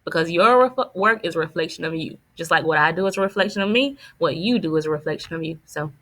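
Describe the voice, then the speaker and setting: A woman teacher reads a book aloud to her students, patient and encouraging. Her voice sits a little low for a woman. She stops now and then to fix a word and goes on. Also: lively intonation, fast talker, fairly bright tone, poor audio. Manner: patient, encouraging, with frequent restarts.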